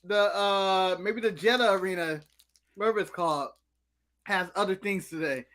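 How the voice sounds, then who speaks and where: A man's voice: high-pitched, moderate pace, fairly bright tone. A man from the United States co-hosting a casual live stream, ranting animatedly and snacking as he talks. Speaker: co-host.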